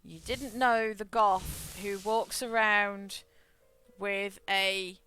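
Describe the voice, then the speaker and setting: Chatty woman with a bright voice. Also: mid-range voice, fairly even intonation, drawn-out words, soft background music. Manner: chatty and rambling, laughs often. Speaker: streamer. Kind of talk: casual chat while gaming.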